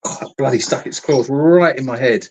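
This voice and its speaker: A man's voice: mid-range voice, moderate pace, no echo. A man with a Glasgow accent co-hosting a casual livestream, flustered, swearing mildly and laughing through it. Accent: Glaswegian. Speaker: sanctuary co-host.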